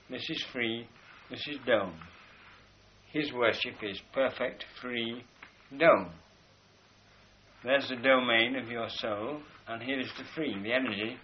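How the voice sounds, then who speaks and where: Guy lecturing on philosophy, points at drawings, kinda rambly, muffled old recording. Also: medium pitch. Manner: discursive, pointing at drawings while explaining. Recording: dull lo-fi recording with faint hiss.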